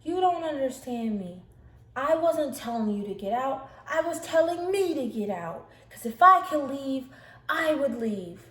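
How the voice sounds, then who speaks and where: Woman playing a shrill, unstable sister at high pitch, echoey room. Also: lively intonation, a little slow, a bit bright. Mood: yelling. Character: frantic, tearful adult sister, pleading then yelling. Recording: echoey room, faint hiss.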